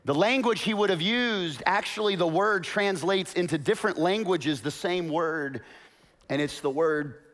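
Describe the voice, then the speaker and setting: In church, a male pastor preaches a sermon in a voice that sits high, at a measured pace. He shifts from hushed, quiet storytelling to loud, rising proclamation and has the congregation repeat after him.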